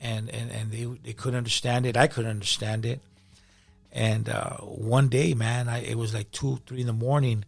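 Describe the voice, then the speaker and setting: Gravelly-voiced male pastor telling his testimony. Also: mid-range voice, little pitch movement, normal speed, faint music behind. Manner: emotional, repeats words when moved. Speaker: pastor, podcast guest. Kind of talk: personal testimony in conversation.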